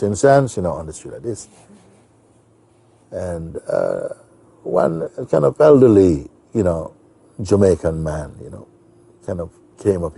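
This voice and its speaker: Low, gravelly-voiced man telling a story. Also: warm tone. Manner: unhurried and anecdotal, full of "you know". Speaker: spiritual teacher. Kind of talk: spiritual talk with storytelling.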